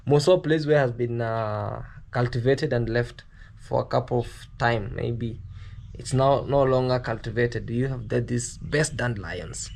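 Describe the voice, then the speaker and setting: A man's voice: mid-range voice, measured pace, vocal fry, a little mellow. A man with a Kenyan accent talking to camera for his vlog, rambling and wistful as he speaks to his viewers. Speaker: vlogger. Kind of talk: casual talk to camera.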